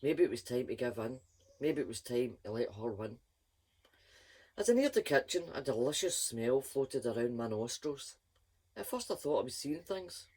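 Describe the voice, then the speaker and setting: A woman reading a children's story aloud in a lively, expressive first-person voice. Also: extremely low pitch, normal speed, breathy edge.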